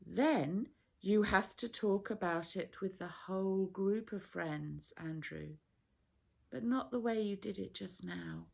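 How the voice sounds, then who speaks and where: Gentle patient teacher guy explaining things softly, read by a woman, slow and a bit gravelly. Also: medium pitch. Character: calm, patient male teacher.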